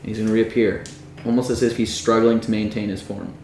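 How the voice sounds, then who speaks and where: A man running a tabletop game as dungeon master, narrating scenes in a low, hushed storytelling voice. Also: steady tone, brisk, roomy sound, a little hiss or hum, rough recording.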